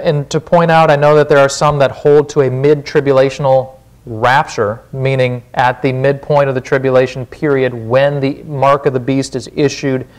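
A man with a Wisconsin accent preaching a sermon in a church, casual and conversational, often asking "right?". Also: mid-range voice. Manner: conversational, frequent "right?" check-ins. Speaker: pastor.

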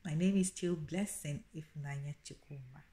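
A woman teaches a casual video lesson. Her voice sits low and mellow, and she says each phrase twice, explaining it slowly. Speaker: language teacher.

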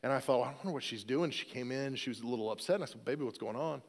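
A man preaching a sermon as pastor, telling a family story in a relaxed, joking, self-deprecating way. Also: mid-range voice, big-room sound. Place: church sanctuary.

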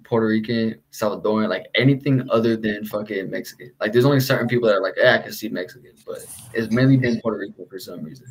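A man with a light Texan accent hosts a casual chat in a slightly low voice. He talks in a relaxed, slangy way and swears freely. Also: quick pace, hardly any pauses, rough recording. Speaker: podcast host.

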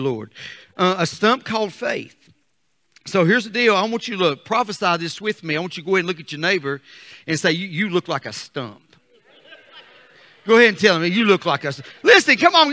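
Bright-voiced preacher man. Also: high-pitched, long reverb tail. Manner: call-and-response preaching, building to emphatic peaks; reads scripture slowly and deliberately. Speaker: pastor. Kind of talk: sermon.

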